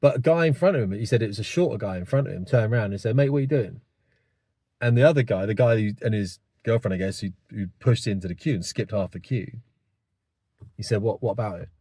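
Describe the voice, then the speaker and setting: A man's voice: on the low side, fast talker, mellow, slightly rough, dry recording, studio quality. A man, delivering a rambling, blunt opinion monologue to camera with many asides. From England. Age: 50s. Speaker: vlogger.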